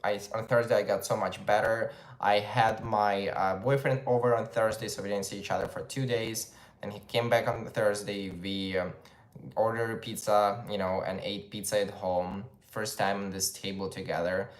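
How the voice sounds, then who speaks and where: A man's voice: lowish voice, level tone, moderate pace. A young man with a Russian accent, chatting on a livestream and telling a story while acting out what people said. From Ukraine. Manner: chatty storytelling, acts out quotes, says "holy moly". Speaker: livestream host. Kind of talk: casual live chat. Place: home, at a dining table. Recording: roomy echo.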